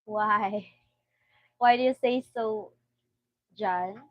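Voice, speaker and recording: A woman's voice: a little high, takes it slowly, no room sound, low-quality recording. A woman in a casual emotional conversation on a live stream, giggly and tearful, laughing between her answers.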